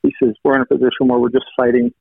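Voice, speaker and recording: A man's voice: medium pitch, flat delivery, very fast, gravelly, husky, no echo. A man earnestly sharing a personal testimony, retelling conversations line by line and thanking God along the way. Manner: retells conversations, stacking quoted "he said" lines. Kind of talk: personal storytelling. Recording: thin phone-like line, dry.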